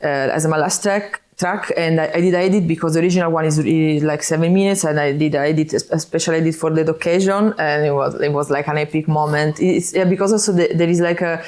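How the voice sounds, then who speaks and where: A woman from Sardinia with an Italian accent talks as a guest in a casual interview. Her voice sits somewhat low, and she chats freely, breaking off and restarting and laughing often. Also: fairly even intonation, a little fast, few pauses, darkish tone. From Sardinia, Italy.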